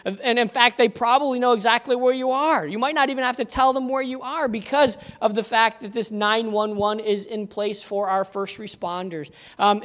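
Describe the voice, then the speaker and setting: A man preaching a conversational sermon as pastor, telling stories in a folksy way. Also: sits high. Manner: folksy storytelling. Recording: long hall reverb.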